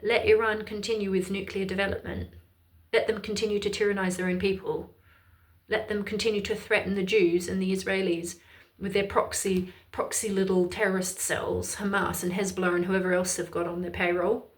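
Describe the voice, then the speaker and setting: A woman's voice: mid-range voice, little pitch movement, brisk. A woman with an Irish accent giving heated, emphatic, exasperated political commentary in a ranting video. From Ireland.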